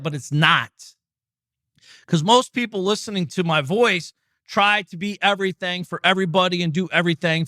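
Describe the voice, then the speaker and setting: Middle-aged guy pumping up listeners, higher-pitched, fires off rhetorical questions, dry mic. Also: a bit bright, dry recording. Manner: punchy, rhetorical questions, casual swearing. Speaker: podcast host. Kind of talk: motivational solo talk.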